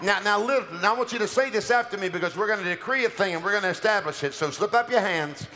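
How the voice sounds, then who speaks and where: A man preaching a sermon as pastor, calling out declarations for the congregation to repeat and rising to shouts, in a church sanctuary with music behind him. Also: high-pitched, fast talker, a little hiss or hum. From United States. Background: music playing under the preaching.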